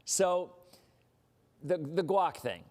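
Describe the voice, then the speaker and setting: Male live-stream weather host, casual rambling chat, lively, somewhat high voice. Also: very slow. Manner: rambling, animated, mock-indignant asides.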